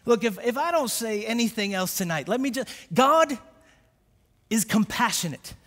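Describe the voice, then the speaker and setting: A male pastor preaching a sermon in a church. He is impassioned, swinging from shouted prayer to quiet, confiding talk. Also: very high-pitched, expressive, moderate pace. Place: church sanctuary. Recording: long hall reverb from a church.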